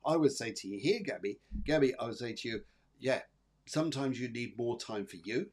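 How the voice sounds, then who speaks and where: This man is a psychic medium hosting a live show, and his mid-range voice is expressive, brisk and slightly rough. His readings ramble and repeat, full of fillers and restarts, yet he stays soothing and reassuring, addressing viewers by name.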